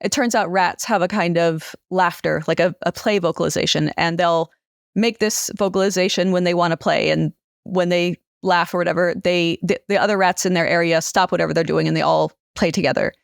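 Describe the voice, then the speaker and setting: A woman neuroscientist explaining her research in a relaxed, casual interview chat. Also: fairly low pitch, a little fast, creaky, dry recording, studio quality. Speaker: neuroscientist guest.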